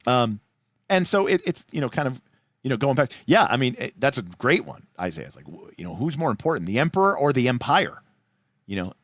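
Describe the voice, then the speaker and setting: A man's voice: medium pitch, big pitch swings, fairly quick, a bit bright, no room sound. A man teaching a tabletop role-playing game on a livestream, talking casually and enthusiastically, wandering into asides and acting out quoted lines.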